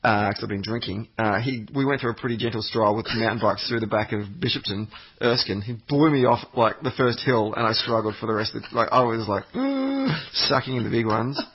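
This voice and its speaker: A man's voice: on the low side, steady tone, fairly quick, husky, highs cut off. A man, chatting as a podcast guest, telling rambling stories and swearing freely. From Australia. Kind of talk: casual chat.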